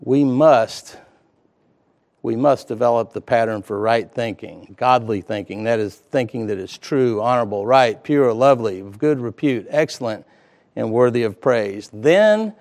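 A man in his fifties preaching a sermon, earnest, slowing down to stress key words. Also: mid-range voice, a little mellow. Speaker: pastor.

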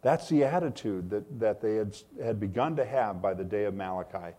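A man's voice: lowish voice, moderate pace, dark tone. A man preaching a sermon as pastor, speaking with rising emphasis and reading scripture aloud.

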